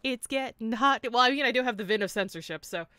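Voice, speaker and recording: Laughy woman streamer, really bright voice, kinda high, talks fast and curses. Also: expressive, clear, resonant tone, no room sound, clean studio sound. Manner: giggly, quick, swears casually. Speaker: streamer host. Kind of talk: casual live-stream chat.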